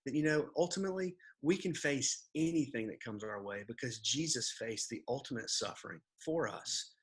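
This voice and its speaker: A man's voice: medium pitch, expressive, moderate pace, breathy edge. A man who is a pastor, talking earnestly in a casual church podcast conversation and reading scripture aloud.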